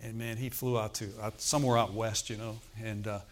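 A man's voice: on the low side, level tone, fairly quick, a little hiss or hum. Conversational preacher telling his testimony. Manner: conversational preaching, frequent "Okay?" check-ins. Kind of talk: sermon testimony.

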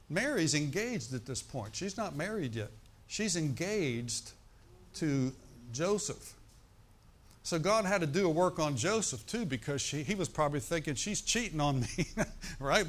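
A man preaching a sermon in a conversational way, often asking his congregation "right?" and "amen?", slowing down to stress scripture. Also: on the high side. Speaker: pastor.

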